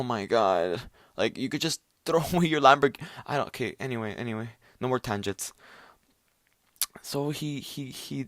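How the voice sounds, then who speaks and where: A man's voice: mid-range voice, a bit bright, dry recording, studio quality. A man hosting his own podcast, ranting casually with lots of swearing, fillers and restarts. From Italian family. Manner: profane, rambling, many fillers and restarts. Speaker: podcast host. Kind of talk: casual rant.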